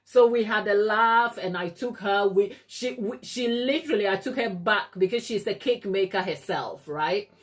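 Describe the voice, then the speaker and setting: A woman's voice: normal speed, few pauses. Chatty woman telling a cake story. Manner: chatty, animated, acts out others' lines in a high voice. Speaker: cake maker and channel host. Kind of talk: casual live-stream storytelling. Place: her home kitchen.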